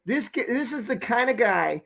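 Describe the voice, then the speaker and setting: A man with a Brooklyn accent hosts a live stream, speaking emphatically and effusively while circling back over the same points repeatedly. His voice is very high and a bit bright, with lively intonation, vocal fry, and normal speed, on a low-quality recording.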